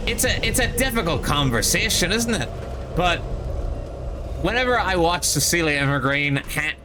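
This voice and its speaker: A tipsy young man rambles through a casual live-stream chat with a bright, forceful voice that sits a little high. His excitable talk is full of restarts, and faint noise hums behind him.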